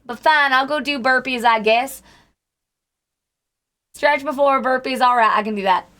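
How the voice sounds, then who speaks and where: A woman's voice: high voice, unhurried, fairly bright tone. A young woman streamer with a sick, strained voice, chatting in a rambling way and greeting her viewers by name. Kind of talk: casual live-stream chat with viewers.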